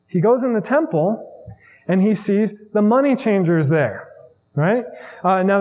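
A man preaching a sermon in a conversational way, often checking in with his listeners with quick asides. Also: high voice, a little mellow. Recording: long reverb of a large hall.

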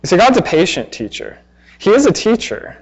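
Pastor guy, highish voice, talks to the room like a chat, kinda dull lo-fi recording. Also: very animated, a little fast, husky. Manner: conversational preaching with acted-out exasperated asides. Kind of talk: sermon.

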